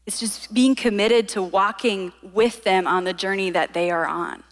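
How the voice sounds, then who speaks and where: A young woman giving a casual, conversational sermon full of quick asides. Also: mid-range voice, steady tone, long reverb tail. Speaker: preacher.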